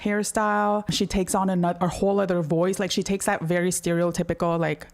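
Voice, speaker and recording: A woman talks through a show in a relaxed commentary, her voice sitting a little low for a woman. She is chatty and slangy, piling on fillers and side remarks as she explains. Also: a little fast. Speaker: video essay host. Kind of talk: casual commentary.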